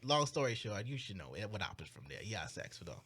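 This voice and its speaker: A man's voice: fairly low pitch, quick pace, slightly rough. A young man co-hosting a podcast, casually recapping a plot and acting out the characters' lines. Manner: animated storyteller, acts out characters' lines, frequent restarts. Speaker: podcast co-host.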